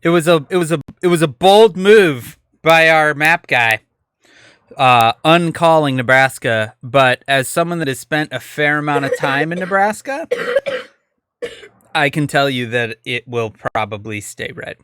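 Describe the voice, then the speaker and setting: A man's voice: on the high side, big pitch swings, a little slow, a bit bright, clean tone, no room sound, clean studio sound. A man in his thirties co-hosting a casual live-stream podcast, joking wryly and talking while he eats. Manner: wry, joking, talks while eating. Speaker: podcast co-host.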